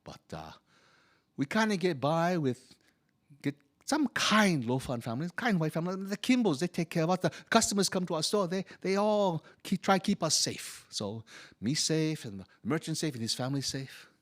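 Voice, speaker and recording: A man with a fairly high, expressive, natural voice speaks at a normal speed. He tells a first-person story in the role of a humble, good-humored Chinese immigrant laborer from Hawaii who talks in broken English, and his mood is wistful.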